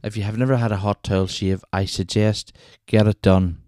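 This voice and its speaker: A man's voice: on the low side, level tone, normal speed, mellow, no echo, studio quality. A Northern Irish man hosting his own podcast, telling stories in a chatty, rambling way that doubles back on itself. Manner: rambling, chatty, self-interrupting with wee asides. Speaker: podcast host. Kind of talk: casual solo storytelling.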